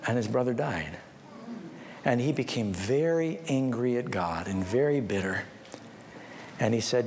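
A man's voice: expressive, normal speed, long pauses, a little mellow. A man preaching a sermon as a pastor, telling stories and acting out the people he quotes, then pleading directly with his listeners. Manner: storytelling, acting out the people he quotes with big pitch swings; pleading, personal appeal to listeners. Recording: hall reverb with faint background noise.

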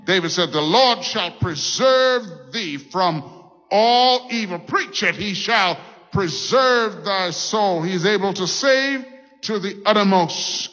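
A man preaching a sermon, calling out to the congregation and building up to shouts. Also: high-pitched, lively intonation, slow, long reverb tail, dull audio. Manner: call-and-response preaching, swelling to shouts.

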